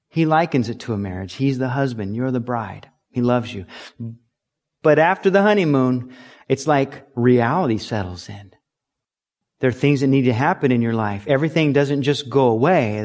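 A middle-aged man preaching a sermon, telling stories and acting out quoted voices with sudden loud, high bursts. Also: animated, moderate pace. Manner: storytelling, acts out loud shouting quotes. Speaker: pastor.

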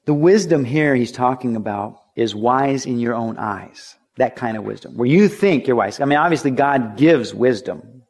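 A man's voice: mid-range voice, expressive, normal speed, hardly any pauses, a little mellow. A middle-aged man preaching a sermon in a conversational way, telling stories and acting out the voices of the people in them. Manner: conversational preaching, acts out quoted voices, rises to urgent pleas. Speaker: pastor.

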